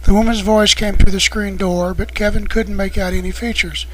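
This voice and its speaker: High-voiced man reading a story. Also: steady tone, normal speed, fairly bright tone, a little hiss or hum, low-quality recording. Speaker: audiobook narrator. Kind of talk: scripted narration.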